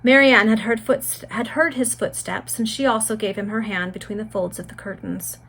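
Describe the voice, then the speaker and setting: A woman reads a Victorian serial novel aloud among friends. Her narration is steady and measured, with a plain storybook tone. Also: on the high side, breathy edge, rough recording. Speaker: reader.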